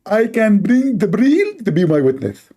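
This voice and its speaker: A man's voice: high voice, very animated, measured pace, dark tone, voice pushed up, full character voice. A man putting on a mocking caricature of a male debater, in a whiny, insistent voice.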